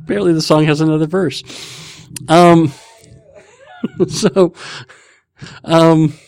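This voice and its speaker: A man's voice: on the high side, fairly even intonation, unhurried, gravelly, a little mellow, dry recording, studio quality. A man hosting a casual podcast, rambling and laughing at himself as he chats from home. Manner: rambling, laughing, self-mocking. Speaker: podcast host.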